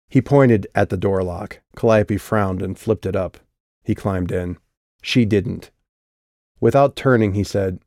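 A male audiobook narrator with a low voice and a steady, measured delivery. The recording is dry and close, with no room around it. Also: no echo. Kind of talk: scripted narration.

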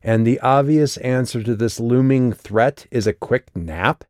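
A man's voice: mid-range voice, measured pace, darkish tone, no room sound, clean studio sound, pitched above the performer's own voice, close to an everyday voice. A man reading the lines of a curt, sarcastic young woman in an audiobook. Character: sharp-tongued, irritated young woman driver.

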